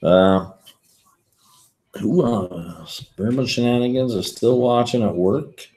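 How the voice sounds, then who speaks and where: A man's voice: mid-range voice, slow, dark tone. A man hosting a whisky livestream, rambling casually and answering viewer comments as he reads them. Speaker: whisky show host.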